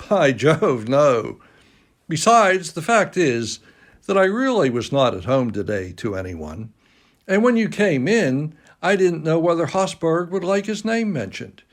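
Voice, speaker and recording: A man's voice: fairly high pitch, pitched above the performer's own voice. A man voicing a jovial male painter friend who teases in a hearty, upper-class way.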